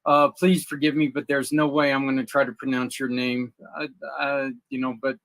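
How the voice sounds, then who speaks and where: A man chatting casually on a talk show in an easygoing, halting way. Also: mid-range voice, little pitch movement, a bit bright, no echo. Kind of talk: casual chat.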